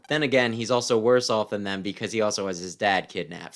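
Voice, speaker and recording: A man's voice: fairly low pitch, a little fast, hardly any pauses. A man giving casual, sarcastic commentary while playing a video game. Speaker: let's play host. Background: faint game music.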